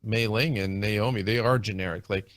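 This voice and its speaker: A man's voice: lowish voice, steady tone, moderate pace, a bit bright, no echo. A man in a casual discussion, talking at length with many fillers and restarts. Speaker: guest in a video game discussion. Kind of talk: casual chat.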